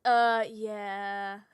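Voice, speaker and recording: A woman's voice: a little high, steady tone, extremely slow, a little hiss or hum. A woman streamer giving casual commentary on a game, laughing constantly and reacting with animation.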